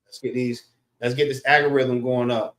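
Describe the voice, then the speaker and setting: A man teaching a class in a casual, drawn-out way, often checking in with "all right?". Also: mid-range voice, flat delivery, fairly bright tone. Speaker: class instructor. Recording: echoey room.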